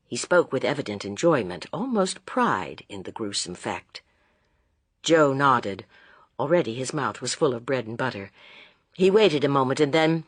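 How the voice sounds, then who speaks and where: An expressive narrator reading a classic suspense novel with a lively, dramatic rise and fall. The voice is husky and breathy, and the recording is close and dry. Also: mid-range voice, unhurried, no room sound. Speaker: audiobook narrator.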